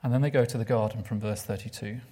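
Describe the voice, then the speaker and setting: A man preaching a sermon, expressive and asking his listeners questions, sometimes dropping to a hushed voice. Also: fairly low pitch, fast talker. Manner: expressive, drops to a hushed voice for emphasis; asks the listeners rhetorical questions.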